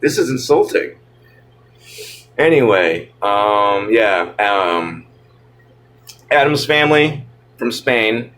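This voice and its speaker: A man's voice: fairly low pitch, animated, slow pace, long pauses, a bit bright. A man ranting casually to the camera, rambling and stammering in an irritated way, with a nasal voice. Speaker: vlogger.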